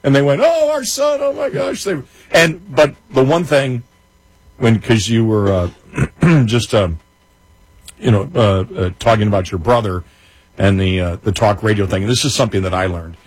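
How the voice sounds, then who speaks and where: A man co-hosting a late-night talk radio show, telling personal stories in casual, animated chat with many restarts. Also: fairly low pitch, moderate pace, husky, no room sound, poor audio.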